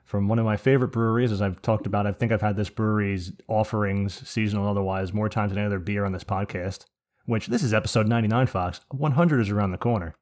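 A man's voice: on the low side, fast, a little mellow. Profane, ranting man on a podcast. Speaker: podcast co-host. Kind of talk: casual chat.

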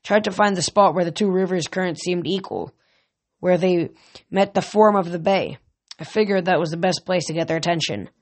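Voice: medium pitch, moderate pace. An audiobook reader narrating a story in first person, in a casual delivery with frequent stumbles and self-corrections.

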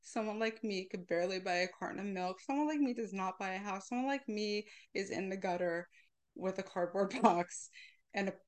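A woman's voice: mid-range voice, brisk. A woman giving a candid, emotional personal share at a support meeting over a video call. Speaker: meeting speaker.

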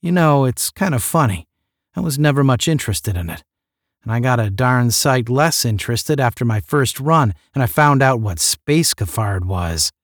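A man's voice: medium pitch, animated, normal speed, dry recording, studio quality, close to an everyday voice. Man playing a slangy retired spaceman. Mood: casual. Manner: casual, slangy. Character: retired male spaceman, casual and rough-spoken.

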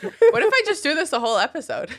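A woman's voice: sits high, sing-song, quick pace. Stuffed-up woman in baby-talk voice. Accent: Boston. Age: 40s. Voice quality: nasal, congested. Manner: talking in a put-on baby-talk voice. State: sick and stuffed up. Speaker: podcast host. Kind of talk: casual podcast chat.

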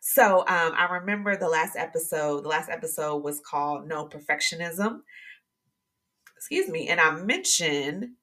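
Chatty woman podcast host, lower voice. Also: moderate pace. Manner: animated, chatty, with sudden high exclamations; talks to listeners directly and warmly encouraging. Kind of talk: casual devotional podcast talk.

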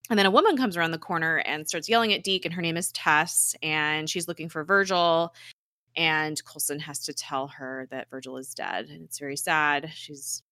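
A woman with a bright, forceful voice that sits a little low, chatting casually through a recap of a show. She keeps slipping into the characters' lines and leans on "like" as a filler. The recording is dry and close, with no room sound. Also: fairly even intonation, normal speed, dry recording. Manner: chatty retelling, acts out dialogue, many "like" fillers. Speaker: podcast host recapping a TV episode. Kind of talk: casual chat.

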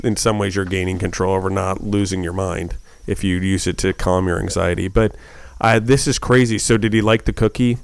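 A man hosting a casual chat, speaking calmly and reflectively. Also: deep voice, brisk, gravelly, smooth, no room sound.

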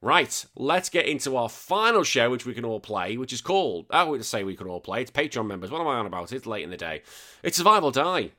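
Man, podcast host, casual chat, joking, sweary, rambling, bright tone. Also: medium pitch, very animated, fast, hardly any pauses. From United Kingdom. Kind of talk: casual chat reading listener comments.

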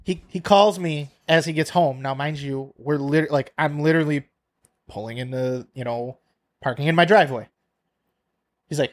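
A man co-hosting a podcast, telling a workplace story in a casual, profane, animated way. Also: fairly high pitch, normal speed. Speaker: podcast co-host.

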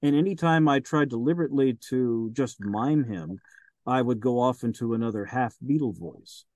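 As a guest in a relaxed interview, a male audiobook narrator rambles hesitantly and leans on lots of fillers. He speaks at normal speed in a mid-range, darkish voice recorded with no echo.

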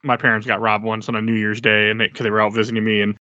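Fast, bright-voiced man swearing on a podcast. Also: on the low side, flat delivery, no echo. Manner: fast, blunt, swearing banter. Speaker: podcast co-host. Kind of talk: casual movie podcast chat. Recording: muffled lo-fi mic.

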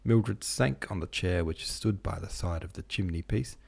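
A man reading a classic novel aloud as its narrator, in a steady, measured way. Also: low-pitched, vocal fry, slightly rough. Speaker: audiobook narrator and podcast host.

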